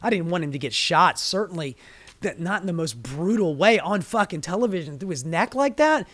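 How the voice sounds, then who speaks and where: A woman's voice: fairly low pitch, expressive, moderate pace, dry recording. Profane fired-up woman ranting, dry mic. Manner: profane, fired-up, swings between muttering and shouting. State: voice getting strained. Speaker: political commentary host. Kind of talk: heated political rant.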